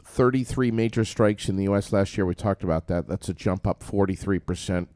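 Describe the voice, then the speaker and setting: A man's voice: low voice, fairly quick, a little mellow. A man co-hosting a casual morning talk show, reading news headlines and bantering wryly. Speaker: radio co-host. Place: studio.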